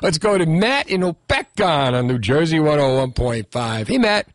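A man's voice: fairly high pitch, very animated, moderate pace, no echo. A man hosting a call-in radio show from the studio, joking and teasing his callers. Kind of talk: lively call-in radio banter. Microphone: studio microphone.

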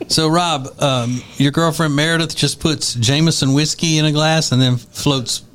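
A man's voice: a little high, steady tone, normal speed, a bit bright. A man hosting a morning radio show, chatting casually and teasing his co-hosts.

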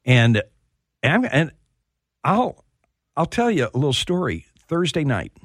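A man's voice: on the high side, sing-song, a little slow, fairly bright tone, no room sound, studio quality. A middle-aged man hosting a sports talk radio show, telling heartfelt stories with plenty of restarts. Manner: heartfelt storytelling.

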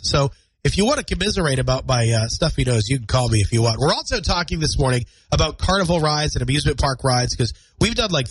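A fairly high, husky-voiced man in his thirties hosts a morning radio show on his own, chatty and self-deprecating, sounding nasal and congested from a cold with a stuffy nose and scratchy throat. He's in a radio studio on a studio microphone, and the audio is poor.

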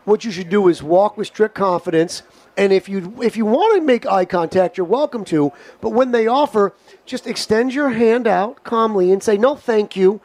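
A man's voice: high voice, moderate pace, a little mellow. A man hosting a casual comedy chat show, brash and joking as he acts out scenarios. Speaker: host.

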